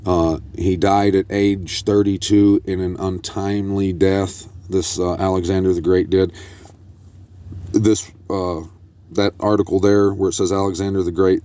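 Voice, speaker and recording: A man hosting a religious commentary video, reading news articles aloud with frequent restarts and halting phrasing. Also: low-pitched, mellow. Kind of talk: casual scripture commentary.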